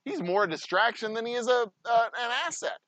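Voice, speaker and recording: A man's voice: extremely high pitch, brisk, a bit bright, dry recording. A man, a distillery owner talking casually in a vlog, swearing heavily as he rants and rambles into stories. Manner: profane, ranting, heated. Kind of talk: casual behind-the-scenes vlog talk.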